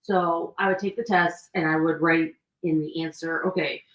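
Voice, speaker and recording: A woman co-hosting a podcast in casual chat, easygoing and joking, with quick reactions. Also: deep voice, fairly even intonation, a bit bright, roomy sound, muffled recording. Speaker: podcast co-host.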